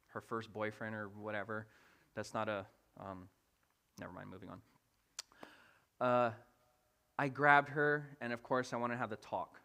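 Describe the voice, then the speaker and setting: Preacher in his thirties, animated storyteller, bright and forceful voice. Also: fairly low pitch. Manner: animated, laughing, acts out voices of his family. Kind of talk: storytelling sermon. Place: church sanctuary.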